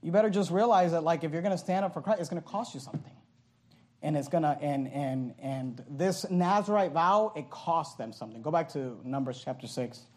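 Middle-aged male pastor with a high voice, loud and animated in the pulpit. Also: a little fast. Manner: bursts into yelling. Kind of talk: sermon.

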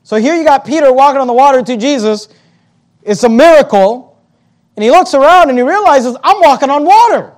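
A man's voice: extremely high pitch, a little fast. A man preaching a sermon, reading scripture aloud and explaining it in an emphatic, argumentative way. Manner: reads King James scripture aloud, then explains it plainly.

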